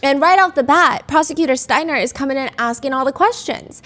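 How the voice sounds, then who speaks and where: A woman's voice: high voice, fairly quick, few pauses, pushed and bright. A young adult woman hosting a podcast, telling a true-crime story in a casual, conversational way and reading out quotes with animation. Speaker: podcast host.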